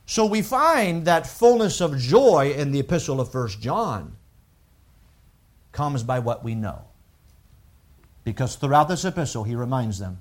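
A male preacher giving a sermon. He reads scripture slowly and preaches with rising emphasis and repetition. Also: medium pitch, sing-song.

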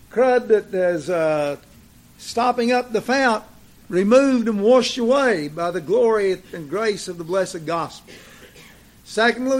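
Older guy preaching a sermon, slow and drawn out, says uh a lot. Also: sits high. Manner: slow, deliberate preaching with repeated phrases and fillers.

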